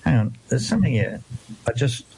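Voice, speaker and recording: Husky older man, rambling. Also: medium pitch, sing-song, a little fast, warm tone. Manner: rambling, digressive, indignant. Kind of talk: casual discussion.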